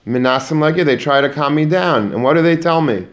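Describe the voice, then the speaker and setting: A man giving a Torah lesson to students, animated, often repeating words and mixing in Hebrew and Yiddish terms. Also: fairly high pitch, brisk, hardly any pauses. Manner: animated, repeats words while building a point. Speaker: Torah teacher. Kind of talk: religious lecture to students.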